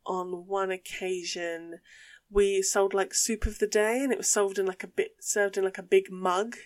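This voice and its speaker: A young woman co-hosting a podcast, telling a story in casual chat with animated delivery and frequent swearing. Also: medium pitch, moderate pace. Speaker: podcast co-host.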